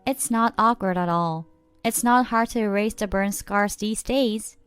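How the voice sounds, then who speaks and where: A woman voicing a young male doctor who speaks calmly and reassuringly, in a read-aloud story. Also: medium pitch, unhurried, smooth, faint music behind, close to an everyday voice. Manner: calm, reassuring. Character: calm kind doctor, young man.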